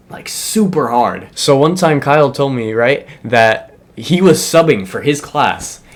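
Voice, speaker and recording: A young man casually telling a funny school story, swearing often and laughing as he goes. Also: medium pitch. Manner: animated, profane, laughs while telling.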